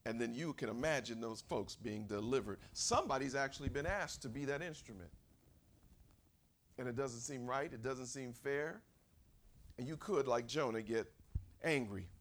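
A man preaching a sermon as a pastor, putting questions to the congregation and calling for amens, moving between quiet asides and loud, high preaching. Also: moderate pace. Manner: emphatic, with questions to the congregation and call-and-response.

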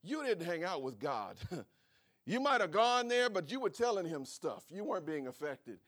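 A man's voice: high voice, sing-song, moderate pace. A man preaching a sermon, asking rhetorical questions, calling for amens and chuckling between points. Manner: swings from soft to shouting, rhetorical questions.

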